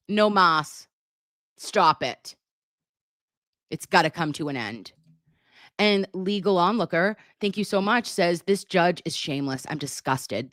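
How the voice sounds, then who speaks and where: A woman's voice: low-pitched, no echo, studio quality. A woman, hosting a casual livestream and reading viewer comments in a chatty, emotional way. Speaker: livestream host reading chat.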